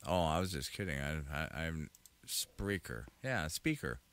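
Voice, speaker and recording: A man's voice: very deep voice, sing-song, normal speed, a bit bright. A man co-hosting a podcast, chatting casually and joking, often laughing and mocking voices. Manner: jokey, laughs a lot, mocks voices. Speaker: podcast co-host. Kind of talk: casual chat reacting to clips.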